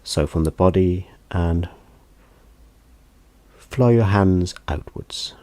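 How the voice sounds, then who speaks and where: A man teaching a gentle hand massage, speaking in a soft, unhurried, calm instructional way. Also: sits low, no echo.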